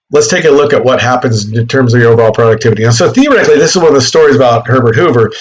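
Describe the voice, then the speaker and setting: A man giving a history lecture in class, animated and joking, often correcting himself mid-sentence. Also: medium pitch, poor audio. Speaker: history teacher.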